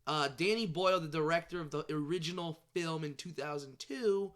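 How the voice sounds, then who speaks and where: A man vlogging about movies in casual chat, excitable and rambling, swearing and tripping over his words. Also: fairly high pitch, brisk.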